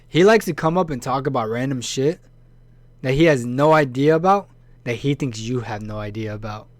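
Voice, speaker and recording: A young man co-hosting a podcast, telling a story in relaxed slang and laughing often. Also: medium pitch, normal speed, no room sound. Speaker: podcast co-host. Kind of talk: casual chat, storytelling.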